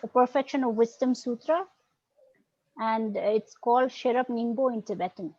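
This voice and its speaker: Lady teaching buddhist philosophy on a dull-sounding video call, slow and patient, keeps saying okay. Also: on the high side, dark tone, no room sound. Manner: patient, explaining slowly with frequent "right?" and "okay". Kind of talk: online Buddhist philosophy lesson.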